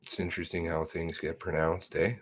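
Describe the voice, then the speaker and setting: A man live streams in a deep, level voice, speaking fairly quickly. He chats casually and reads viewer comments aloud, rambling and mocking himself as he jumps between laughs and mutters.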